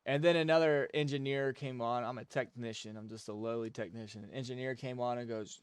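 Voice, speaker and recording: A young streamer rants profanely about work in a clear, resonant, mid-range voice, talking fairly quickly with hardly any pauses and fairly even intonation. It's casual gaming chat, recorded with no room sound.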